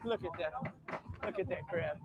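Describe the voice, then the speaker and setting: A man's voice: sits high, moderate pace, highs cut off, very noisy. A man livestreaming on a city street, chatting with passersby and his viewers. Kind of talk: casual street livestream chat.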